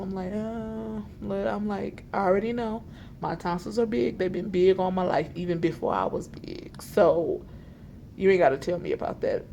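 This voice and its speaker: Exasperated woman retelling a bad appointment, gravelly. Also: mid-range voice, normal speed, muffled recording, a little hiss or hum. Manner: animated, exasperated retelling with quoted dialogue. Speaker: vlogger. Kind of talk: storytime vlog. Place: hospital library, indoors. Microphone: self-filmed camera.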